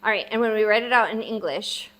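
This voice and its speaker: A woman's voice: mid-range voice, fast talker, a bit bright. A woman teaching a language lesson, patiently sounding out each syllable several times while writing words out. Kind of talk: casual spoken lesson. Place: at a table, writing for the viewer.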